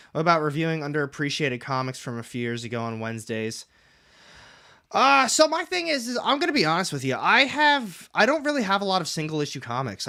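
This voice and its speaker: Young guy rambling to his stream chat, bright clear voice, swears a lot. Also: on the high side. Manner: rambling, reads chat aloud and swears casually. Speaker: comics livestream host. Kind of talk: casual livestream chat. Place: home room with shelves.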